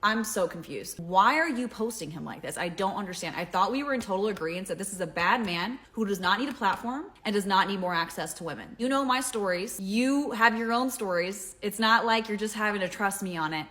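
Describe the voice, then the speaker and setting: A woman's voice: medium pitch, animated, a little fast, few pauses, a bit bright. A young woman telling her own story in a casual, exasperated vent, filling her talk with "like". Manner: exasperated, heavy use of "like".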